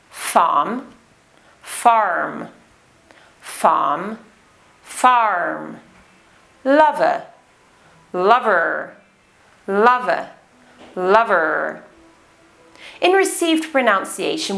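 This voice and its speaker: Slow, careful RP English woman teacher. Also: medium pitch, creaky, a bit bright. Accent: English received pronunciation. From England. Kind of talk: accent lesson.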